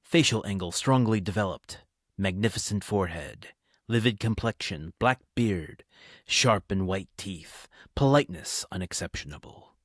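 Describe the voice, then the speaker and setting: A cool, precise young Parisian official ticking off details one by one, as a man reads him. His voice is low and dry, recorded close. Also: expressive, normal speed, no room sound. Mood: wry.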